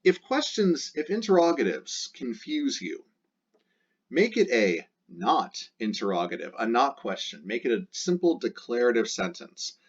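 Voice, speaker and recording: A man teaching a Latin lesson in a casual, joking way, drawing out the Latin words slowly as he walks through exercises. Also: mid-range voice, sing-song, husky. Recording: dull lo-fi sound.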